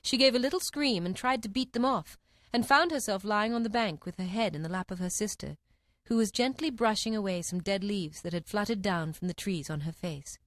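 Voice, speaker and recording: A woman narrating a classic storybook in an expressive, animated reading. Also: mid-range voice, brisk, no room sound, clean studio sound.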